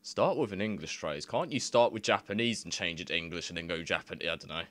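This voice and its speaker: Young guy, lowish voice, dry close sound; casual commentator who giggles, rambles and swears freely. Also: animated, fast talker, a bit bright, no room sound. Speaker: YouTuber. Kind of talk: casual screen-recording commentary.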